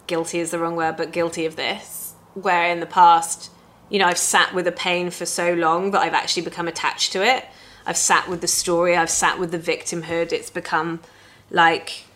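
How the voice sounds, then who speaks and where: A woman's voice: on the low side, fairly bright tone. A woman talks in a reflective, personal way. Her tone is candid and conversational, with casual swearing woven into an easy, thinking-aloud flow.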